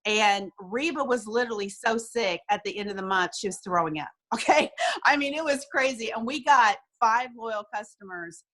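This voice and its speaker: A woman telling an emotional personal story over a video call, animated and acting out what people said. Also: on the high side, moderate pace, rough recording. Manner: animated, acts out quoted dialogue, frequent restarts. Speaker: guest sharing a success story.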